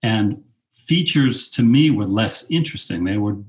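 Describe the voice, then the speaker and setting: A man's voice: lowish voice, measured pace. An older man telling film-set stories in an interview, acting out his own past lines in a raised voice. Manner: animated anecdotes, quotes himself in a raised voice. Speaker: guest, film director and teacher. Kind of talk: storytelling interview.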